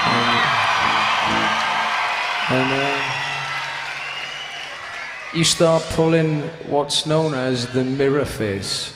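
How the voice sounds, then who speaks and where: Swearing rock singer spinning a tale onstage. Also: male voice, lowish voice, a little slow, creaky. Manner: swearing, rambling storyteller, sometimes shouting to the crowd. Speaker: rock singer telling a story to a concert crowd. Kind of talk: onstage anecdote between songs. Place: concert stage. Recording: live concert audio with music behind.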